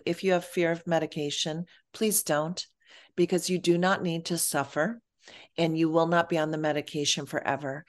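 Low-voiced woman, earnest and reassuring. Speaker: guest, perinatal mood expert. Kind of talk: podcast interview.

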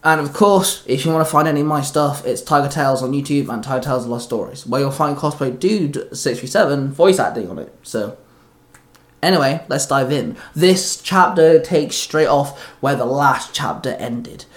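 A man's voice: medium pitch, normal speed. A man hosting and reading fan fiction aloud in a chatty, casual way. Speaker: storyteller and host.

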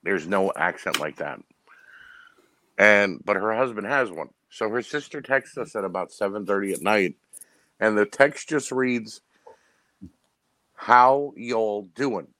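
Low-voiced man telling stories on a podcast. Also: unhurried, no echo. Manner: animated storyteller, giggles and imitates voices. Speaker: podcast panelist. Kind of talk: casual chat.

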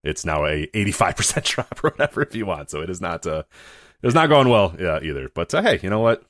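A man's voice: sits low, big pitch swings, fast talker, a bit bright, no echo, studio quality. A man co-hosting a podcast in casual chat, rambling and correcting himself, laughing as he tells stories. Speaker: podcast co-host.

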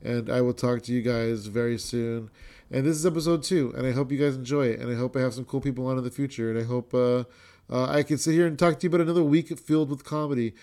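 A middle-aged man hosting his own podcast, chatting casually and excitedly, rambling with many restarts and repeated words and some swearing. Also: medium pitch, quick pace. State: a bit winded. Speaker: podcast host. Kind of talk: casual solo podcast chat.

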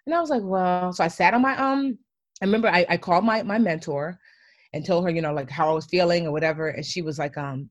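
Woman in her 30s, podcast guest, animated storyteller, casual slang, dry close sound. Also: lowish voice, quick pace, dry recording. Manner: animated, says "like" and "yo" a lot, acts out her own past lines.

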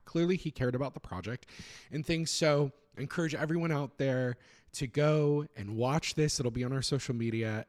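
A man hosting a podcast, recapping and reviewing in an animated, gushing way with lots of fillers. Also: mid-range voice. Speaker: podcast host.

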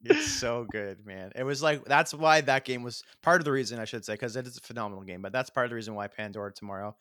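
A man's voice: mid-range voice, very animated, fast, a bit bright, no room sound. Man, dry close sound, emphatic, casual gaming podcast talk. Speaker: podcast co-host.

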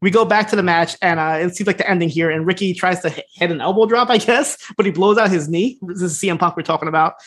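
A man co-hosts a casual podcast and rattles through an episode recap at a quick clip. He laughs a lot and puts on the characters' lines as he goes. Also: high-pitched, fairly bright tone, breathy edge. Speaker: podcast co-host.

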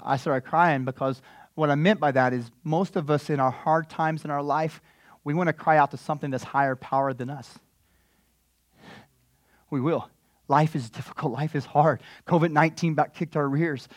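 Male pastor, high voice, animated storytelling sermon. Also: no echo, clean studio sound. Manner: animated storytelling, voice swings from hushed to loud.

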